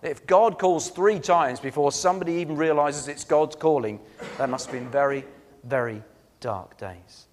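In a church hall with lingering reverb, a male preacher gives a sermon at a moderate pace. His somewhat high voice carries earnest storytelling, with heavy stress on important words followed by quiet, soft passages.

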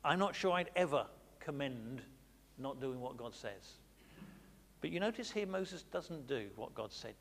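A man's voice: mid-range voice, expressive, unhurried, creaky, a bit bright, big-room sound. A man preaching a Bible study sermon, talking conversationally and asking the congregation questions.

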